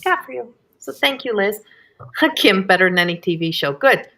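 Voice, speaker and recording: A middle-aged woman hosting a live Q&A, telling a story in a casual, animated way and acting out her own shouts. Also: medium pitch, moderate pace. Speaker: host.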